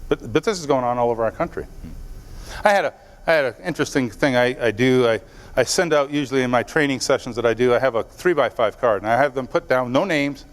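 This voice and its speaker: A motivational speaker talks fast in a medium-pitched voice, giving an earnest speech to a live audience. He tells stories and addresses the crowd directly, and the recording carries a long hall reverb.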